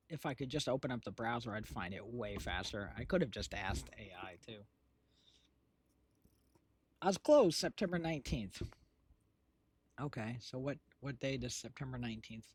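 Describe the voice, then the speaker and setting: A woman's voice: very deep voice, expressive, normal speed, long pauses, a little mellow, breathy edge. A woman co-hosting a stream in casual chat, rambling and laughing often. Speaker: streamer co-host.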